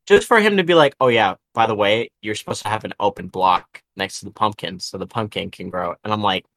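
Young guy on a podcast, bright voice, swears a lot, just rambling. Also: fairly low pitch, brisk. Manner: rambling storyteller, swears freely. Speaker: podcast co-host. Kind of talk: casual chat.

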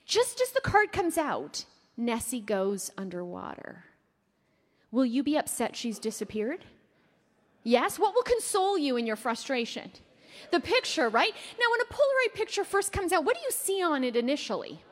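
A woman from Canada in her thirties giving a fast, playful keynote speech, quizzing her live audience with questions and quick asides. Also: high-pitched, big pitch swings. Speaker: keynote speaker. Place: large hall before an audience. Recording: long hall reverb.

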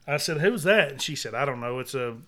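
A man's voice: medium pitch, fairly even intonation, quick pace, bright, forceful tone. A man with a Southern US accent co-hosting a casual talk show, folksy and chiming in to finish his partner's sentences. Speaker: podcast co-host. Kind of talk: casual storytelling chat.

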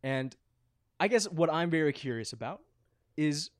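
Male podcast host, slightly high voice, dry close sound, swears freely and jokes around. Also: expressive, moderate pace, no echo. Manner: loose, profane, jokey banter. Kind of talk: casual chat.

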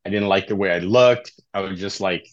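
A middle-aged man with a fairly low voice tells his story as a podcast guest, casual and chatty, and keeps checking in with "right?". The recording sounds dull and lo-fi. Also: a little fast. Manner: conversational, often tags sentences with "right?". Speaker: podcast guest, life coach in recovery.

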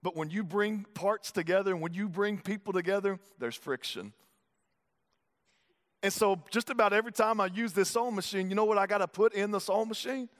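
High-voiced Southern preacher in a reverberant church. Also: male voice, a little fast. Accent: Southern American. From American South. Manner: conversational preaching, folksy asides, drops to soft low tones for emphasis. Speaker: pastor. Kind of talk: sermon. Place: church sanctuary. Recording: long hall reverb.

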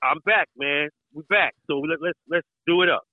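A man's voice: fairly high pitch, moderate pace, no echo. A man from New York, a podcast guest, chatting in a laid-back way with short agreeing replies. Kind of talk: casual podcast chat. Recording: tinny phone-like remote line.

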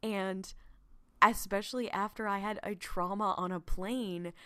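A woman's voice: medium pitch, steady tone, sharp tone, clean tone. A woman co-hosting a podcast, chatting casually as she recaps a TV episode, swearing freely and acting out lines from the scenes. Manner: quick, swearing, acts out quoted lines. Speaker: podcast co-host.

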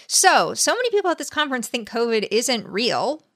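A woman's voice: a little high, very animated, a bit bright. A woman co-hosting a casual podcast, wryly recounting her research with mocking asides. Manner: wry, quick, mocking quotes of others.

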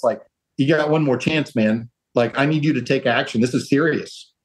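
A man's voice: mid-range voice, fairly quick, low-quality recording. A man talking as a podcast guest, earnest and rambling, restarting sentences and acting out quoted voices as he gives advice. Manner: acts out quoted voices of others. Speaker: podcast guest, real estate entrepreneur. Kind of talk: casual interview talk.

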